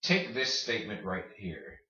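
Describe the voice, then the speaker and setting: A man teaching a casual language lesson, patient, repeating words slowly and checking in with "okay?". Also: on the low side, big pitch swings, sharp tone. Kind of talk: casual classroom-style lesson. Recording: roomy, distant, dull lo-fi sound.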